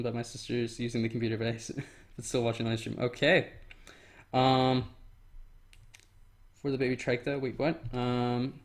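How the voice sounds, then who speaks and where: Young man rambling through a livestream. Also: mid-range voice. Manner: rambling, reads chat aloud, frequent ums. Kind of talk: casual livestream chat.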